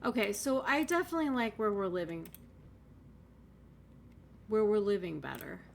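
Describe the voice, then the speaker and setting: A woman's voice: medium pitch, very animated, moderate pace, gravelly, a little hiss or hum. A woman giving casual gameplay commentary, chatty and thinking aloud, with sudden exasperated outbursts. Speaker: let's play gamer.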